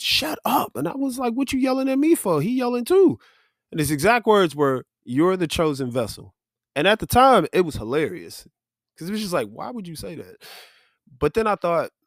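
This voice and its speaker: A man's voice: mid-range voice, vocal fry, no echo, clean studio sound. A man hosting a podcast, giving an earnest, conversational faith-based monologue. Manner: earnest, conversational, with frequent "like" and "you know". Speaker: podcast host.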